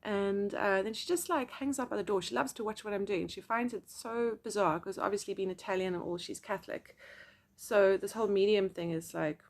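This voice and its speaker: A young adult woman, a psychic medium telling a personal story to camera in a chatty, expressive way full of fillers. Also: mid-range voice, brisk.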